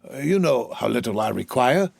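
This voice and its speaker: A man voicing a gentle, humble old father who speaks softly and modestly. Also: medium pitch, very animated, moderate pace, gravelly, no echo, clean studio sound, full character voice. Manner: gentle, soft-spoken.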